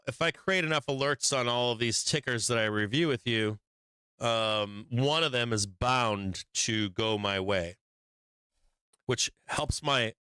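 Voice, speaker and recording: Blunt, bright-voiced male trading host. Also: mid-range voice, clean tone, no echo. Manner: blunt, profane, rambling, with many fillers. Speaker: stock market show host. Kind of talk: casual trading commentary.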